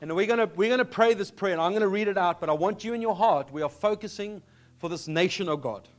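Male pastor from South Africa, high voice, earnest sermon delivery. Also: quick pace. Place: church.

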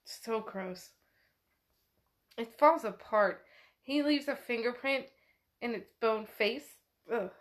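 A woman's voice: a little high, slow pace, pauses often. A woman casually retelling a novel chapter aloud, chatty and often laughing. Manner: chatty, laughing, uses "like" a lot. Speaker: book club host. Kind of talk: casual book recap.

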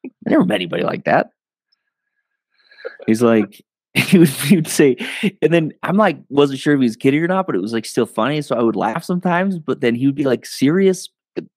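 A man, a podcast guest, telling stories in a loose, animated way, full of fillers and quick laughs. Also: mid-range voice, no echo. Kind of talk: casual storytelling.

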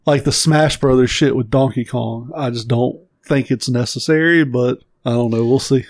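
A man's voice: medium pitch, fairly even intonation, normal speed, no room sound. A man co-hosting a podcast in casual chat, blunt and emphatic, swearing freely. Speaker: podcast co-host.

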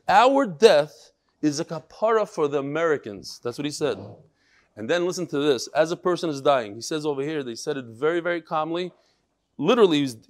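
A middle-aged man teaching a Torah class in lively talk, mixing Yiddish and Hebrew terms into English. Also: fairly high pitch.

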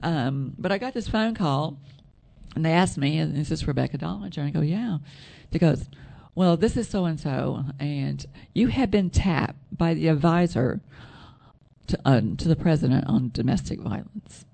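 A woman telling a personal story in casual chat, soft-voiced, rambling and correcting herself as she goes. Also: low-pitched, lively intonation, moderate pace, creaky. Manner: rambling, self-correcting storyteller with frequent laughs.

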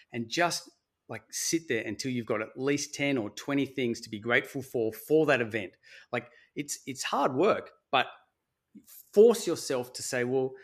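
A man talking as a podcast guest and coach, earnest and motivational, swearing casually in relaxed conversation. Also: medium pitch.

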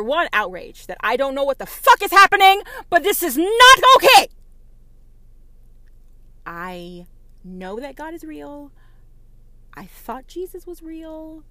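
A woman's voice: medium pitch, pushed and bright. A woman who calls herself a prophetess delivers a confrontational, profane religious rant and hammers her points with repeated denials. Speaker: self-described prophetess. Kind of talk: impassioned religious rant to camera.

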